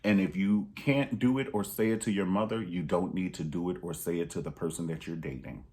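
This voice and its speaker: A man talking straight to camera in a candid vlog, giving emphatic, preachy advice and jumping up in pitch to stress his points. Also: a little fast, a little mellow. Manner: pitch jumps high for emphasis. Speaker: vlogger. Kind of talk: candid personal vlog monologue.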